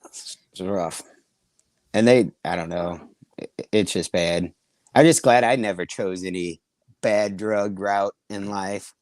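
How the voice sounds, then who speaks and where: A man's voice: fairly low pitch, steady tone, slow pace, long pauses, a little mellow, no echo. A middle-aged man casually telling profane, rambling anecdotes on a comedy podcast, often laughing as he talks. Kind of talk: casual storytelling chat.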